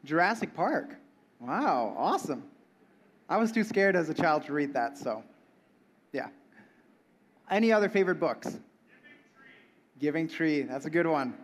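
A man's voice: on the high side, lively intonation, unhurried, long pauses. A young man preaching a casual sermon, joking and asking the audience questions. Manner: playful, talks with the audience. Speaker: pastor.

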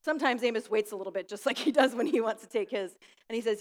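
A woman's voice: a little high, quick pace, in a large hall. A young adult woman pastor giving a prayer and sermon in a school room, telling stories with light laughter. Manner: warm storytelling with light laughs. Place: school room used for church.

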